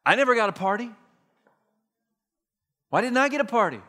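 A man voicing a resentful older brother who complains, raising his voice high in a whiny, indignant way. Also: sing-song, moderate pace, sharp tone, big-room sound, heavily acted.

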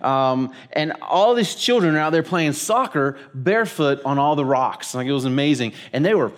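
A man's voice: a little high, lively intonation, moderate pace. A man preaching a sermon, telling a story casually with plenty of fillers like "like" and "you know". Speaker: pastor.

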